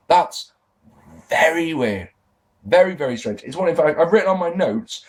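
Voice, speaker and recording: A man's voice: on the high side, lively intonation, moderate pace, rough recording. A man hosting a casual review podcast, talking in a sarcastic, exasperated and sweary way. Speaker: wrestling review podcast host.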